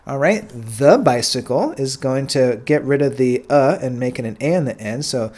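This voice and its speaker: An American man teaching a casual language lesson in a relaxed way, filling pauses with "uh" and "all right" and repeating words slowly. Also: mid-range voice. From United States.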